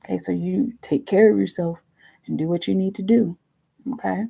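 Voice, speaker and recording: A woman hosting a live tarot reading stream, talking casually in a slow, halting way, repeating words and murmuring to herself as she shuffles. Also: medium pitch, steady tone, vocal fry, mellow, breathy edge, rough recording.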